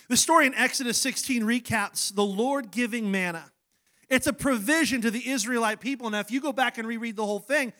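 A middle-aged man preaching in a casual, folksy voice that sits unusually high for a man. He tells homely stories and stammers into frequent restarts. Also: a bit bright. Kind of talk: sermon.

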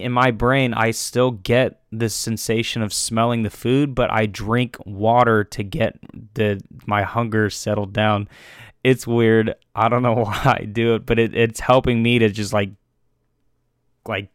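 A man's voice: on the low side, steady tone, measured pace, smooth, no echo, studio quality. A young man talking casually on his own, rambling and swearing, with frequent restarts and fillers. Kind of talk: casual monologue.

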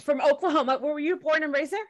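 A woman's voice: high-pitched, quick pace, dry recording. A woman from central Illinois, co-hosting a podcast in a chatty, enthusiastic way. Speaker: podcast co-host. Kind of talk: casual podcast conversation.

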